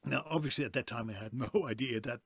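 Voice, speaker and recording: A man's voice: mid-range voice, fast talker, breathy edge, no echo. A man with a hard-to-place European-English accent, telling stories animatedly as a voice actor guest on a video call interview. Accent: mixed European-English. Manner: animated, emphatic storyteller. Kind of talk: conversational interview.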